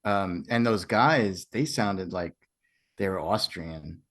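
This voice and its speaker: A man's voice: low voice, slow, fairly bright tone. A man hosting a film podcast, answering in short, hesitant remarks. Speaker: podcast host. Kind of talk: casual film discussion.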